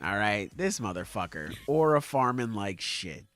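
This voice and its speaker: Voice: sits low, normal speed, no room sound, faint music behind. A podcast co-host in casual chat, talking animatedly with lots of swearing and laughter. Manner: animated, profane, laughs a lot. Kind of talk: casual chat recapping comics.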